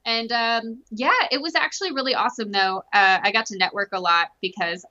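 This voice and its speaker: A woman talking casually about her army work, relaxed and swearing freely. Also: a little high, brisk, lo-fi sound. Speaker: army veteran guest. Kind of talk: casual chat.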